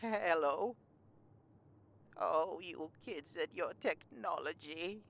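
A woman's voice: on the low side, takes it slowly, vocal fry, highs cut off, voice pushed down. A woman voicing a confused old grandmother who can't work her phone. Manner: fussy, bewildered.

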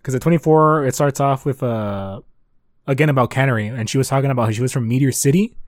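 A man's voice: medium pitch, quick pace, no echo, clean studio sound. Laid-back young man, slangy chat. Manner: laid-back, slangy, says bro and dude a lot. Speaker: podcast co-host. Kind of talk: casual chat.

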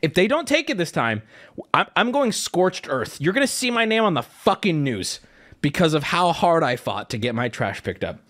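A male streamer ranting casually, exasperated and swearing, sometimes shouting. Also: fairly high pitch, big pitch swings, normal speed. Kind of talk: casual rant.

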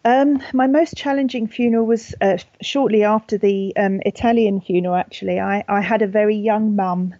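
A woman with a British accent, a funeral celebrant, talking in a gentle, thoughtful way with frequent ums and restarts in a podcast interview. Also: mid-range voice, fairly even intonation, moderate pace, few pauses, no echo, highs cut off.

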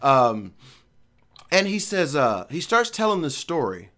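Animated, swearing middle-aged man telling a story. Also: a little high, measured pace. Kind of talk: casual chat.

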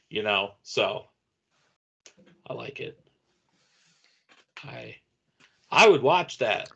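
A man co-hosting a casual movie chat, rambling and animated, laughing at his own jokes. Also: medium pitch, extremely slow, gravelly, pauses often, husky, dull audio. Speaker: podcast co-host.

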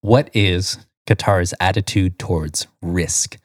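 A man's voice: deep voice, measured pace, dry recording, clean studio sound. A man co-hosting a podcast, reading quiz questions and answer lists in casual chat, laughing often. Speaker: podcast co-host.

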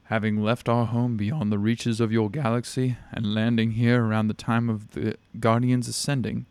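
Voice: mid-range voice, flat delivery, normal speed, darkish tone, clear, resonant tone, no room sound, lightly acted. A man voicing an alien captor who explains its origins in a formal, cold way.

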